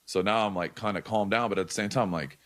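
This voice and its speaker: A man's voice: fairly low pitch, quick pace, a bit bright. A young man talking casually as a podcast guest, swearing often and filling his talk with likes and restarts. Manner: loose, profane, many likes and restarts. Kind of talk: casual storytelling chat.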